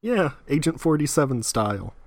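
A man co-hosting a casual podcast, recapping an anime episode in a relaxed way, with lots of "like" and the odd chuckle. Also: on the high side, moderate pace, gravelly, dry recording, clean studio sound. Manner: relaxed, fills gaps with "like", chuckles.

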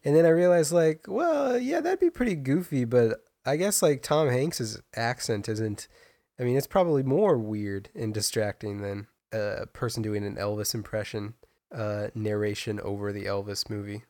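A young man chatting casually about a film, rambling and animated with many restarts. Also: mid-range voice, normal speed.

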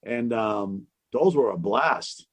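A man's voice: fairly low pitch, takes it slowly, no room sound. A man in easygoing casual chat who chuckles along.

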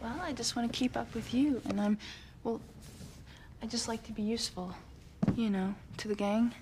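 An actress playing a shy, soft-spoken young woman who talks hesitantly and trails off into a whisper. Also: a little high, steady tone, normal speed, background noise, lightly acted. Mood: timid. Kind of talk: TV drama clip.

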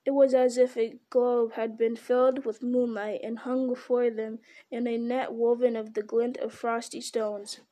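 A woman reading a storybook aloud in a steady, unhurried way, now and then stumbling on a word. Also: a little high. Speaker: reader.

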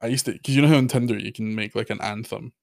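A man on a podcast talks in an easygoing, playful way, leaning on fillers and breaking into laughs. His voice sits at a middling pitch for a man. The sound is dry and close, with no room around it. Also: fairly even intonation, fast talker, gravelly, darkish tone, no room sound. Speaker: podcast co-host. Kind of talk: casual chat.

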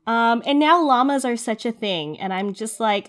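A woman's voice: on the high side, animated, moderate pace, hardly any pauses, fairly bright tone. A woman in her thirties co-hosting a podcast, chatting casually with lots of laughs and fillers. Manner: giggly, upbeat, many fillers. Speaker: podcast co-host. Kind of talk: casual chat.

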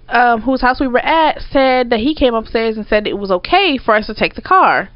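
A woman, telling a story in casual chat, animated and swearing as she acts out her own outbursts. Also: on the high side, fairly quick, hardly any pauses, no echo. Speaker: storyteller co-host. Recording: dry, slightly dull audio.

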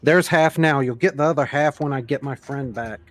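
A man speaking as a player in a tabletop role-playing game, talking in character in a direct, brisk way. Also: medium pitch, faint music behind.

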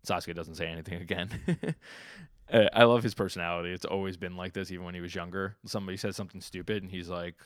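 A man co-hosting a podcast, casually recapping a comic chapter with fillers and lively retellings. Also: sits low, quick pace, no echo, studio quality. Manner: animated storytelling with fillers and acted quotes. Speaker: podcast co-host.

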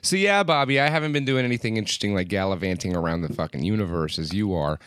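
Deep-voiced man cracking crude jokes. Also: expressive, quick pace, fairly bright tone, smooth, dry recording, studio quality. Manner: crude joking interjections, teasing. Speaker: podcast co-host. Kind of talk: casual chat.

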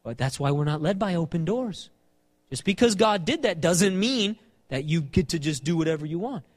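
High-pitched guy preaching, animated, repeats himself a lot, long echo like a big church hall. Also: normal speed. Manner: animated, repeats phrases and acts out scripture quotes. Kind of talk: sermon.

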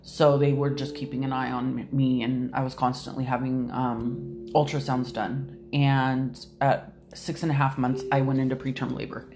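A woman's voice: very deep voice, little pitch movement, normal speed, hardly any pauses. Candid woman telling her story, music behind. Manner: candid, hesitant, with many restarts. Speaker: podcast guest. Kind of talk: personal storytelling.

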